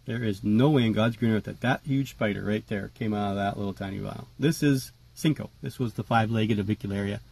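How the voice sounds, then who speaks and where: A man talking casually to camera about his tarantulas, relaxed and chatty with lots of fillers. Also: lowish voice, brisk, creaky, hardly any pauses, husky. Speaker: tarantula keeper vlogger. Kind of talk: casual rambling vlog.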